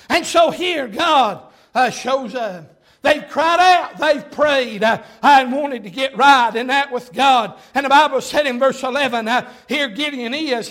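High-voiced fervent preacher, man. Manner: fervent preaching with frequent "uh" fillers, sudden shouts. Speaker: pastor. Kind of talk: sermon.

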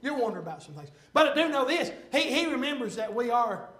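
A man preaching a sermon and reading scripture aloud, impassioned and swelling to shouts, with frequent "uh" fillers. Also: very high voice, very animated, brisk. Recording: echoey room.

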